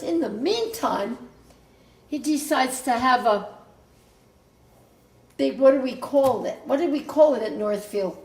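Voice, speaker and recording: A woman's voice: sits high, darkish tone, reverberant. An older woman telling stories about her family's past to her grown child in a casual, rambling way, often breaking off mid-sentence and starting over. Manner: rambling, self-interrupting storyteller. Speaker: mother recounting family history.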